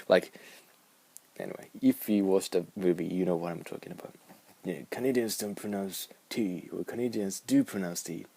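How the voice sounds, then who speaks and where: A man's voice: sits low, moderate pace, creaky, darkish tone, dry recording. A young man with a Japanese accent, rambling and musing aloud in a casual vlog. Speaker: vlogger.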